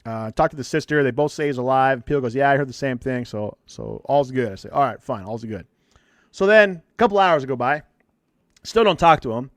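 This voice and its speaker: A podcast co-host who works as a counselor speaks in a brisk mid-range voice with no room sound. Animated in casual conversation, he tells a story and impersonates the people he quotes.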